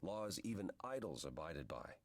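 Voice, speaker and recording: An ancient fate-bound being, very deep. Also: male voice, big pitch swings, normal speed, creaky, crowd noise, heavily acted. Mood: grave. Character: ancient male being tied to fate, calm and knowing.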